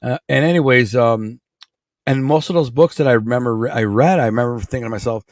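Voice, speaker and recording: A middle-aged podcast guest from Michigan, with the state's accent, tells a rambling story in blunt, streetwise language. His medium-pitched voice moves fairly quickly, captured in a dry, clean studio recording.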